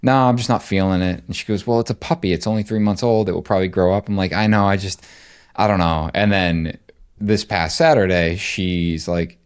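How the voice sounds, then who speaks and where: A middle-aged man co-hosting a podcast, telling a rambling, animated story in casual chat. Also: low-pitched. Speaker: podcast co-host.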